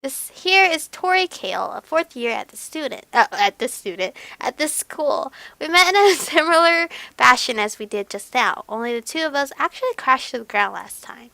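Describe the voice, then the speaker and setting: A woman's voice: high voice, lively intonation, normal speed, gravelly, hardly any pauses, sharp tone, dry recording. A young woman reading an otome game aloud and commenting on it in a playful, giggly, dramatic way. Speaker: game streamer.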